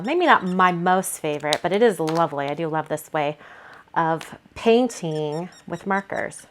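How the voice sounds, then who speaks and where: A woman's voice: on the low side, a little hiss or hum. A woman hosting a card-making video, talking casually through her painting steps and thinking aloud with frequent fillers. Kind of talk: casual craft tutorial narration.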